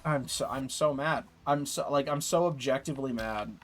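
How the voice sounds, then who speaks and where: A man's voice: mid-range voice, normal speed, soft background music. A young man streaming a game, ranting in frustration and repeating himself as he plays. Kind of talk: gameplay commentary.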